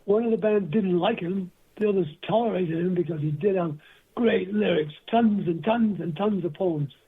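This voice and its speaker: An older man with a husky voice, a guest telling long rambling stories in an interview. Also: high voice, moderate pace. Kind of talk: rambling anecdotal storytelling. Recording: tinny phone line.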